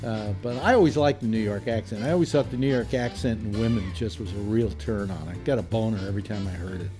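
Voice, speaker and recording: A man's voice: fairly low pitch, fast talker. Older male host, loose rambling chat, frequent restarts, music bed faintly under him. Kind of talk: casual panel chat.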